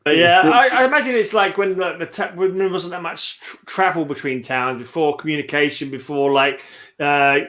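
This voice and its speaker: A man's voice: a little high, normal speed, fairly bright tone. A man hosting a late-night online hangout, rambling casually, restarting sentences and swearing freely. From England. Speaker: host. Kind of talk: casual chat.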